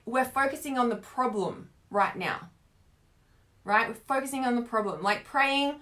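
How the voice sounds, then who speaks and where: A woman's voice: sits high, fairly bright tone. A woman talking casually on a live stream as a spiritual coach, rambling and filling her speech with "like". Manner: rambling, heavy use of "like", frequent laughs. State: teary from earlier crying.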